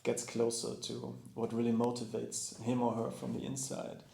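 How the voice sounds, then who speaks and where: A man's voice: medium pitch, monotone, normal speed, vocal fry, mellow, reverberant, slight background noise. A man, a yoga teacher and co-host, talking in a reflective, hesitant way with many restarts in casual conversation.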